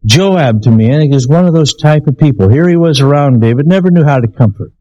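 A man's voice: on the high side, lively intonation, a little fast, warm tone, muffled recording. A man preaching a sermon in a folksy storytelling way, with many fillers, acting out the people in his stories.

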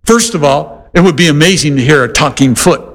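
A man preaching a sermon, animated and conversational, with playful voiced asides. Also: a little high, fairly quick, big-room sound. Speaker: pastor.

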